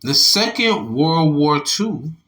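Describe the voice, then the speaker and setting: Slow yet very animated, a slightly tipsy religious commentator with a somewhat high, fairly bright voice teaches scripture in a loose, profane style. Along the way he reads articles aloud and talks back to his listeners.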